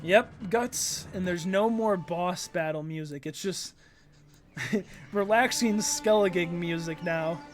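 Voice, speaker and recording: A man's voice: high voice, slow, soft background music. A man reading a comic aloud in a loose, casual way, breaking off to comment, swear and laugh. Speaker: manga read-along host.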